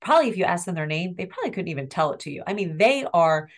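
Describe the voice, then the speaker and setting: A middle-aged woman with a low-pitched voice talks earnestly as an interview guest. She explains school discipline with empathy, pausing to demonstrate tones. Her delivery is steady and sincere. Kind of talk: interview conversation.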